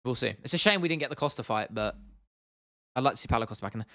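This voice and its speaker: His voice mid-range, animated, and a bit bright, a man races through casual chat while hosting an MMA livestream. He responds to viewer comments with plenty of swearing, restarts, and fillers, and the clean studio audio has no room sound.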